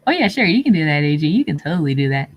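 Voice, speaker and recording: A woman hosting a casual livestream, answering viewer comments in a meandering, easygoing way with frequent pauses. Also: deep voice, sing-song, lo-fi sound. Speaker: livestream host. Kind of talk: casual live-stream chat, reading viewer comments.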